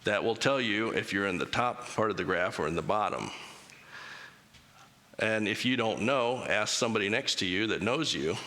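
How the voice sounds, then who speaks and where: Man, church speaker, low voice, bright and forceful tone, casual jokey talk, long hall reverb. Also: animated, normal speed. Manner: casual and joking, polls the audience by raised hands. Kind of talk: interactive church talk to a congregation. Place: chapel.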